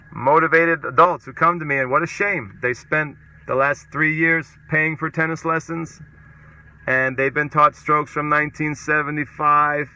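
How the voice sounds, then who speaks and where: A man's voice: medium pitch, pushed and bright. A man who hosts a tennis coaching show, talking casually and emphatically and reading out viewer comments. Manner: emphatic, repeats a punchy catchphrase. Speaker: tennis coach and podcast host. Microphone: mobile setup. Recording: dull lo-fi mobile stream.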